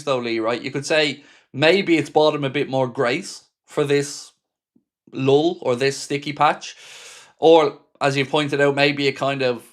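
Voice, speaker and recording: Chatty man hosting a fan live stream. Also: a little high. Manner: animated, chatty, addresses viewers by name. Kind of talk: casual live-stream chat reading viewer comments.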